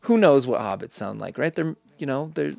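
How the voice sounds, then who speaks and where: A man's voice: medium pitch, expressive, brisk, vocal fry, warm tone, no room sound. A young man co-hosting a casual podcast chat, joking and swearing freely. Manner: joking, swears freely, breaks into silly voices. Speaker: podcast co-host.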